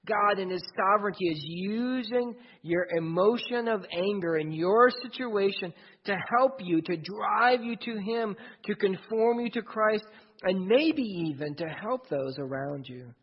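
A man's voice: high-pitched, animated, a little slow, breathy edge. A man preaching a sermon in an earnest way, speaking straight to the listener as "you". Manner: earnest, second-person storytelling. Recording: dull lo-fi recording.

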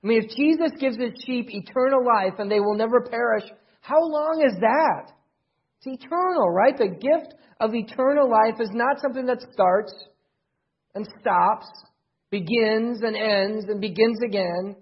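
A pastor delivers a sermon in a high-pitched, slightly husky and breathy voice at normal speed. He hammers his points home by emphatically repeating key phrases. The recording sounds dull and lo-fi.

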